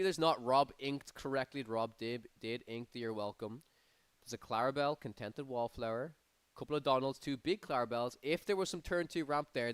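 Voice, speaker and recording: A man's voice: medium pitch, a bit bright, smooth, no room sound. A man giving live play-by-play commentary on a card game tournament, his energy rising on big plays. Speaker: tournament caster.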